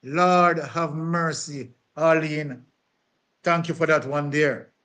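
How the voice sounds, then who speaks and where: A man's voice: fairly high pitch, fairly even intonation, slow pace, pushed and bright. A man, hosting a live-stream commentary. He talks emphatically, with many "um" fillers, and speaks to his co-host and the chat.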